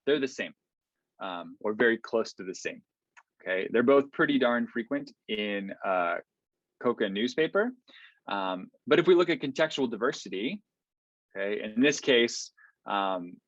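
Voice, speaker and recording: Man giving a relaxed online lecture. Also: on the low side, no echo. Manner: relaxed, many ums and okays, explanatory. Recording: dull, slightly lo-fi online lecture audio.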